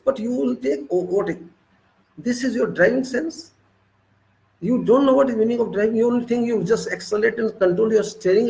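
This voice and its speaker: A man's voice: high voice, vocal fry, a little mellow, low-quality recording. A man giving a spiritual talk, scolding his listeners with long repeated lists and pointed rhetorical questions. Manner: emphatic questions to the audience. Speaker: spiritual speaker. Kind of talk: preaching monologue.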